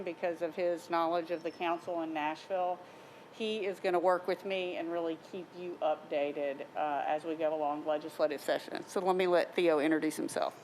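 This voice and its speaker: A woman with a somewhat low voice briefs a council committee on the legislative session. She is brisk and matter-of-fact, and she explains things plainly. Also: fairly even intonation, a little hiss or hum, poor audio. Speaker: government affairs staffer briefing the council. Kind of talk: briefing at a meeting.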